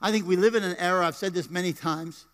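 High-voiced joking pastor in a hall. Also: male voice, fast talker, a bit bright. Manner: playful, joking banter with the congregation. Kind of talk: sermon. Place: church sanctuary. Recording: live church hall reverb.

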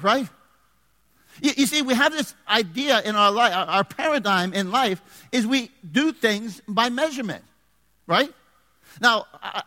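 High-voiced preaching man in a reverberant hall. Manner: animated, jokey preaching with congregation banter. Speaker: pastor. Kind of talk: sermon. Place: church.

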